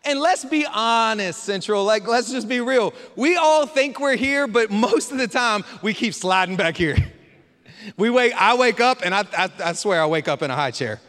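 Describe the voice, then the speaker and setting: A man's voice: sits high, animated, moderate pace, a bit bright, long reverb tail. A man preaching a casual, joking sermon as pastor and calling on the crowd for amens. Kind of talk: lively sermon.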